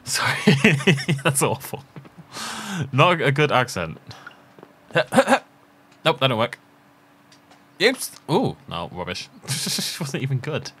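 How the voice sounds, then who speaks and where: A man's voice: medium pitch, very animated, slow pace, long pauses, a bit bright, slight background noise. A man giving chatty let's play commentary, thinking aloud and laughing often as he plays. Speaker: gaming channel host.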